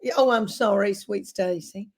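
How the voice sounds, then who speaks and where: A woman's voice: medium pitch, moderate pace, breathy edge. A woman, chatting folksily as a comedian guest. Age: 50s. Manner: folksy and self-deprecating, calls people honey. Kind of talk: casual chat.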